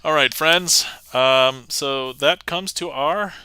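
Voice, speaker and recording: A man's voice: a little high, slow pace, sharp tone, clean tone, no room sound. A man hosting a live magic stream in casual chat, upbeat and chatty as he reads out and thanks his viewers. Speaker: magician livestream host.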